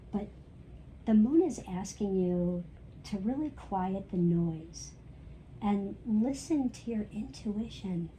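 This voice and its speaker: A woman hosting a spiritual channel, giving gentle, reassuring astrology guidance in a chatty way with lots of fillers. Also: mid-range voice, a little hiss or hum, low-quality recording. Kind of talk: casual spiritual guidance talk.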